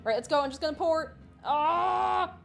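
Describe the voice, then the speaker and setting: With soft music in the background, a woman cooks in her home kitchen during a livestream, chatting casually, giggling, and saying hello to viewers by name. She speaks at normal speed in a fairly high voice that swings widely in pitch.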